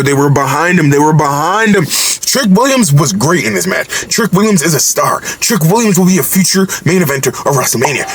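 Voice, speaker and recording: Excitable man shouting his wrestling recap. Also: on the high side, husky. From Canada. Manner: excitable, repeats words, bursts into shouts. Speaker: wrestling commentary vlogger.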